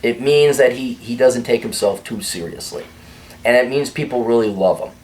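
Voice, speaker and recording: A man's voice: mid-range voice, normal speed, darkish tone, a little hiss or hum. A man hosting a casual opinion monologue in a blunt, crude and sardonic way. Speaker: host.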